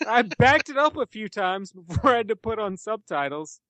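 Lively man laughing through film chat. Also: high-pitched, moderate pace, dry recording. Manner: laughs often, swears freely, jumps into impressions. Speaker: podcast co-host. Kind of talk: casual film-discussion chat.

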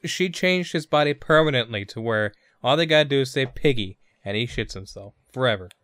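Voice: medium pitch, animated, brisk, a bit bright, dry recording, studio quality. A podcast co-host chatting casually and teasing the other hosts. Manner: joking, teasing. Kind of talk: casual chat.

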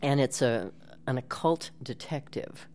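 A woman, a voice actress and guest, telling stories in a relaxed interview chat and laughing often. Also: rumbling low, unhurried, slight background noise. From United States. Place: home studio.

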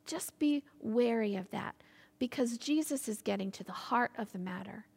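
Woman preacher giving a lively sermon, kinda gravelly and high, big echoey hall. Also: normal speed. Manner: animated, with laughs and acted quotes. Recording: echoey hall with long reverb.

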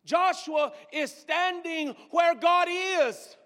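A man in the pulpit, a pastor, preaching with call-and-response, fervent repetition, hushed whispers and rising shouts. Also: extremely high pitch, slow, big-room sound. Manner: drops to hushed whispers for emphasis; fervent, repeats phrases. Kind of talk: sermon. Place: church sanctuary.

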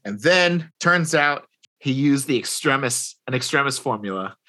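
A man casually recapping a comic book storyline, rambling with many fillers and quick impressions of the characters. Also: medium pitch, animated, pushed and bright. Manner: rambling retelling with fillers and acted-out quotes. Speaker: podcast co-host recapping comics. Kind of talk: casual chat.

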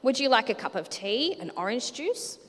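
A friendly, inviting Jesus from a children's storybook, as a woman reads him aloud with lively ups and downs in her voice. The sound carries a long church-hall reverb. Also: fairly high pitch, normal speed. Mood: welcoming. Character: kind welcoming Jesus, a grown man in a storybook.

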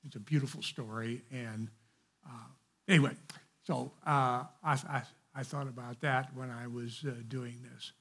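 Gravelly, husky man teaching Bible study. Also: mid-range voice, steady tone, a little slow, fairly bright tone. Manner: digressive, conversational commentary on a text.

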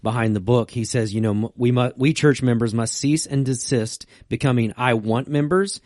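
A man's voice: mid-range voice, fairly even intonation, moderate pace, darkish tone, no echo, studio quality. A man co-hosting a casual church talk, reading scripture and book quotes aloud. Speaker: co-host. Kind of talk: casual church podcast chat.

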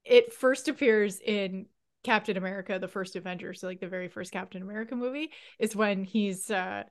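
A woman's voice: mid-range voice, brisk. A woman co-hosting a podcast in casual chat, earnest and thoughtful, with some restarts. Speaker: podcast co-host.

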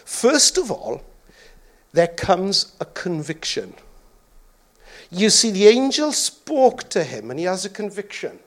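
A man's voice: high voice, slow, long pauses. A man preaching a sermon as pastor, joking and acting out voices along the way. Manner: jokey, animated, acts out voices.

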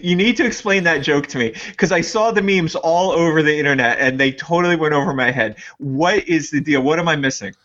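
A man co-hosting a podcast in casual, joking chat, telling his stories with animated flair. His voice sits a little high, and the recording sounds dull and lo-fi. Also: fairly quick, few pauses. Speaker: podcast co-host.

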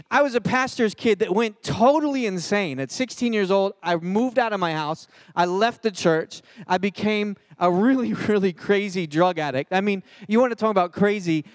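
A man with a high voice gives a comedic youth sermon to a live crowd. He is animated and jokey, addressing the listeners directly. The sound is dry, with little room echo. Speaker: pastor.

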